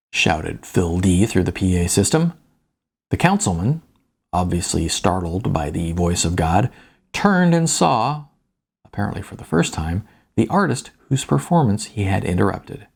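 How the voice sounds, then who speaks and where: Slow, husky male audiobook narrator. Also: deep voice, very animated, darkish tone. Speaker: author reading his own novel.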